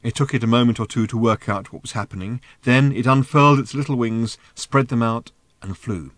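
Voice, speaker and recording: In a measured, expressive manner, a man narrates a scripted audiobook in a medium-pitched voice, recorded dry.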